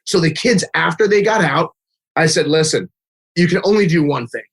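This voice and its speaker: Man, youth baseball coach, fairly high voice, chatty storyteller, acts out quotes. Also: lively intonation, normal speed, creaky, breathy edge. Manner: chatty, fills speech with "like", acts out kids' and his own quotes. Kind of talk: casual interview chat, storytelling.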